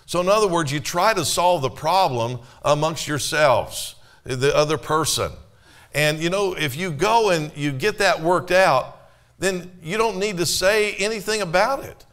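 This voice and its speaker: Higher-pitched male pastor preaching conversationally. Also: unhurried, a bit bright. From Canada. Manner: conversational preaching with rhetorical questions. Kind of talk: sermon. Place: church.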